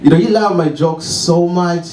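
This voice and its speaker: A comedian with a Zimbabwean accent, voice sitting high with a darkish tone and moderate pace, does wry self-mockery at a small open mic. The mic is some way off, so the sound is roomy and echoes, and he occasionally laughs at his own lines.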